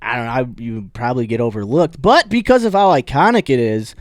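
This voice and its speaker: A man's voice: mid-range voice, expressive, fairly quick, no echo, studio quality. A man co-hosting a podcast, chatting casually and rambling with many restarts while he rates a beer. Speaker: podcast co-host.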